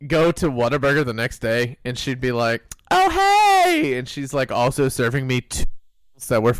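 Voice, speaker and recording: A man's voice: mid-range voice, steady tone, normal speed, no echo. A man co-hosting a podcast, joking around and swearing in casual banter. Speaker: podcast co-host. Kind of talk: casual chat.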